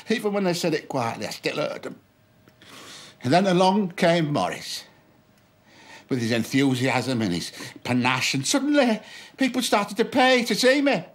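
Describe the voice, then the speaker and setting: An actor playing a gentle, lonely, very fat middle-aged man, soft-spoken and plain in a TV comedy-drama. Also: high-pitched. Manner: soft-spoken, plain, calls people love.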